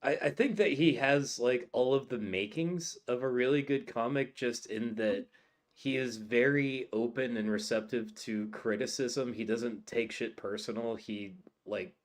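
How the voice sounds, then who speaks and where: Regular guy, mid voice, kinda halting and thoughtful, casual chat. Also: mid-range voice.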